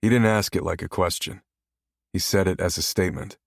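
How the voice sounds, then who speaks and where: A man narrating a romance audiobook in a plain, steady reading voice. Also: low voice, a little fast, vocal fry, no room sound, clean studio sound.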